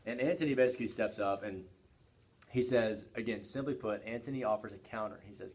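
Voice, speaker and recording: A man's voice: on the low side, fairly quick, darkish tone. Casual, chatty male history teacher. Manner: conversational, keeps asking "right?". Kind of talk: casual classroom lecture.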